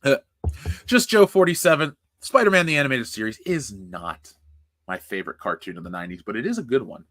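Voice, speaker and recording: A man's voice: medium pitch, very animated, brisk, fairly bright tone, no room sound, clean studio sound. A man hosting a casual livestream, reading chat and ranting bluntly with profanity. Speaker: livestream host.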